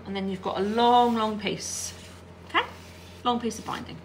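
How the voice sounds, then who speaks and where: A woman's voice: on the high side, fairly even intonation, normal speed, background noise. A woman giving a chatty hands-on quilting tutorial while she irons and sews, often checking in with her viewers. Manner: chatty, checks in with "all right?". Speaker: quilting teacher.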